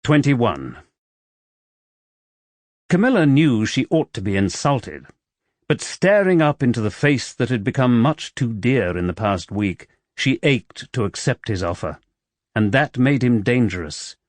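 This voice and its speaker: A man narrating a romance novel as an audiobook in expressive, measured storytelling, close to a studio microphone. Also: mid-range voice, dry recording.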